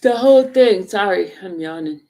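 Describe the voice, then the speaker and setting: A livestream host talks casually and rambles directly to her viewers. Her mid-range voice is mellow, with lively intonation and a moderate pace.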